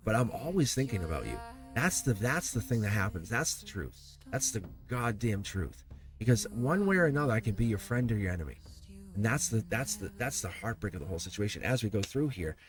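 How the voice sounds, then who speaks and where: A middle-aged man hosting a live tarot stream, rambling and animated, laughing often as he talks. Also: fairly low pitch.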